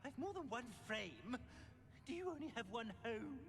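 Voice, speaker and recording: A man's voice: very high-pitched, big pitch swings, moderate pace, full character voice. An actor playing a fussy, aristocratic male portrait in a video game, speaking theatrically with rolled R's and a voice that swoops up and down. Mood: indignant.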